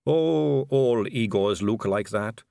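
A man's voice: medium pitch, lively intonation, slow pace, vocal fry, warm tone, no echo, studio quality. A man voicing a poised, middle-aged female vampire aristocrat, polite and gracious with a light teasing edge.

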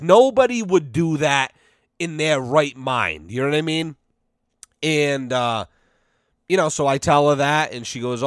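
A man's voice: a little high, a little slow, dry recording, clean studio sound. Profane, rambling podcast host man. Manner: profane, rambling, with many fillers; animated storytelling. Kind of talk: casual podcast rant.

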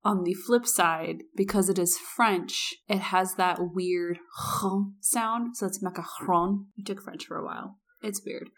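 A woman's voice: lowish voice, a little slow. A woman co-hosting a podcast in casual chat, talking earnestly with lots of "like" and "you know". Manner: earnest and chatty, many "like" and "you know" fillers. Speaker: podcast co-host.

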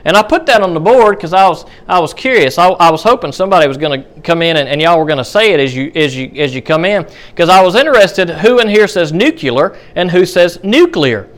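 Man, Bible study teacher, slightly high voice, conversational, lots of ums and restarts. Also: quick pace, few pauses. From United States. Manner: conversational, with frequent fillers and restarts.

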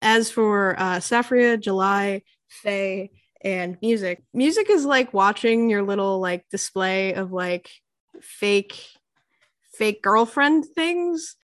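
A woman's voice: mid-range voice, lively intonation, slow, dry recording. Woman GM narrating casually with lots of fillers, dry close sound. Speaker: game master. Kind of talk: narrating a tabletop game.

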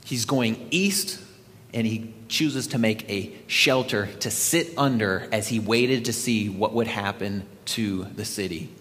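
A man preaching a sermon, retelling a scripture story in an animated storytelling way. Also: lowish voice, a little slow, long reverb tail. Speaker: pastor.

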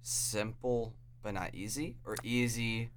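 A man's voice: fairly low pitch, steady tone, slow. A man hosting a podcast, asking questions in casual chat with many restarts. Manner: asks questions with restarts, short backchannels. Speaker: podcast host.

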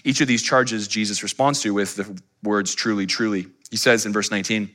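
A man in his forties preaching a sermon, telling personal stories in a conversational, animated way. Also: lowish voice, fairly quick. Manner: conversational, animated storytelling with quoted voices. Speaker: pastor.

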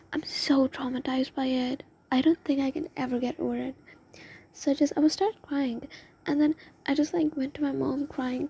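A woman's voice: high voice, vocal fry, dark tone, slightly rough. A young woman telling a rambling, emotional story in a confessional vlog, often dropping into a whisper. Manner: rambling, emotional, lots of "oh my God". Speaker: vlogger.

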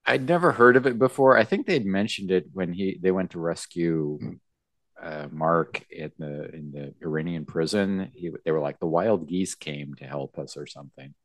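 A man co-hosting a podcast in a casual chat, relaxed and rambling, with many likes. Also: sits low, normal speed, no room sound. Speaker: podcast co-host.

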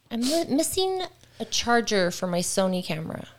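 Lively chatty woman co-hosting a podcast. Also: on the high side, moderate pace. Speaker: podcast co-host. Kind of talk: casual chat.

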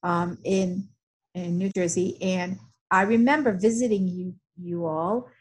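A woman's voice: fairly low pitch, steady tone, a little slow, darkish tone, slightly rough, low-quality recording. Emphatic middle-aged woman, family friend. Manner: emphatic, insistent, repeats points. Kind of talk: casual conversation.

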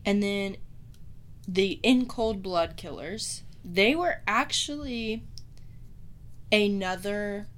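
A woman's voice: mid-range voice, slow pace, long pauses, a bit bright. A woman hosting a casual true-crime podcast, swearing constantly and mocking the killer with frequent laughter. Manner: profane, mocking, laughs often. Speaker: podcast host.

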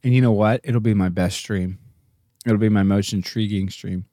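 A man hosting a livestream, rambling and joking, sometimes jumping into goofy high-pitched bits. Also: steady tone, normal speed, mellow, no room sound, studio quality. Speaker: livestream host. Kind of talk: casual livestream rant.

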